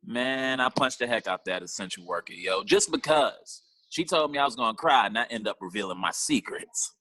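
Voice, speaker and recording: A man doing stand-up comedy over a video call, telling a story in an animated, slangy way with acted-out dialogue. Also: mid-range voice, moderate pace, no room sound, low-quality recording.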